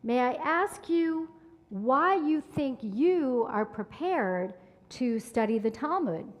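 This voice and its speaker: A woman voicing a patient, wise old male rabbi who asks measured, teacherly questions in a sermon story. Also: high voice, expressive. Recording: reverberant sanctuary from afar.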